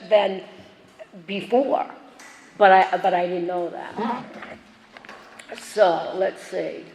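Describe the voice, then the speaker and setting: A woman's voice: medium pitch, a little mellow. A woman speaking at a recovery meeting, telling her own story in a chatty, self-mocking, joking way. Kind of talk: personal share at a recovery meeting. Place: meeting hall. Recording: echoey hall, faint background noise.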